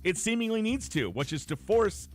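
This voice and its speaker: A man hosting morning radio, wry and joking, with deadpan asides. His voice sits a bit high for a man, and faint music plays under the studio mic. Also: moderate pace. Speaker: radio host. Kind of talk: casual morning radio banter.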